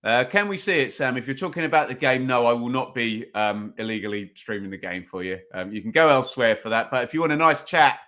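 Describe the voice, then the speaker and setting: A man's voice: mid-range voice, fast, few pauses, bright, forceful tone. A man hosting a live football watch-along stream, chatting casually, reading out viewer comments and calling the match loosely. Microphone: desk microphone.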